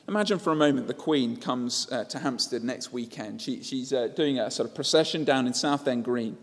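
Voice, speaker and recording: A man's voice: mid-range voice, fairly quick, few pauses, long reverb tail. A man preaching a sermon, telling the story and asking rhetorical questions.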